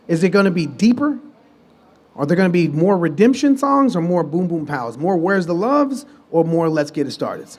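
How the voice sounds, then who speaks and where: A man guest on a live podcast stage, telling stories in a loose, animated way and acting out the people he quotes. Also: sits high, normal speed. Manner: animated storytelling, acts out quoted dialogue; loose, restarts mid-sentence. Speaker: guest musician and producer.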